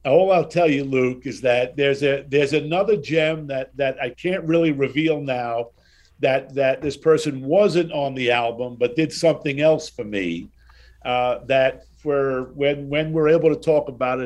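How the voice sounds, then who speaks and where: A man in his sixties tells stories as an interview guest. He has a middle-pitched voice and acts out what people said in a lively, chatty way. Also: normal speed. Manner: animated anecdotes, acts out dialogue. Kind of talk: casual storytelling interview.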